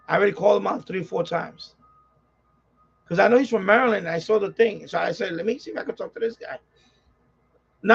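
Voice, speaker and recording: A man's voice: sits high, vocal fry, bright, forceful tone, breathy edge. A man with a New York accent hosting a ham radio live stream, venting in an exasperated, repetitive way, on dull lo-fi audio. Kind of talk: casual live-stream rant.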